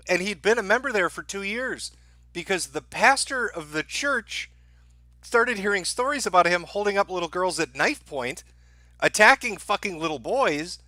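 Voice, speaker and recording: Male stream host, mocking and profane commentary, bright animated voice. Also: sits high, no room sound. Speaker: livestream host. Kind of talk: sarcastic commentary on a played clip.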